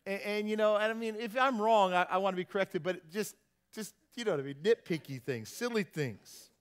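A man, a pastor with an American accent, preaching a sermon in an animated, conversational way, often asking the congregation questions. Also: sits high, fast, smooth.

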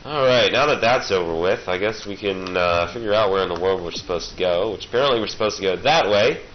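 A man's voice: sits low, fast. A man with a cold giving casual, sarcastic gameplay commentary and playfully taunting the enemies he fights. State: has a cold. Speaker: let's play gamer. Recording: dull lo-fi recording with faint hiss.

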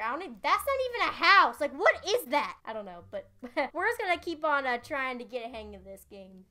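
A woman giving casual gameplay commentary, excitable and giggly, breaking into squealing shouts when chased. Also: high-pitched. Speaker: gaming channel host.

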